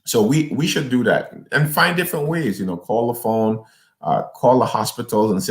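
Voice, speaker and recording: A man's voice: medium pitch, moderate pace. A man, a pastor, talking in an interview in a preacherly, urging way, often repeating and restarting words. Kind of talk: conversational interview, exhorting.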